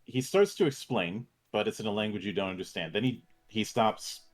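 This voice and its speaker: A man's voice: on the low side, brisk. A man narrating as game master for a tabletop game, often restarting his phrases and chuckling as he describes the scene.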